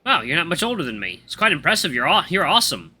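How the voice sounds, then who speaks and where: A man voicing an excitable young fox student who blurts things out loudly. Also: a little high, fast, husky, pitched above the performer's own voice, heavily acted. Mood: excited. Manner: eager, loud, blurting.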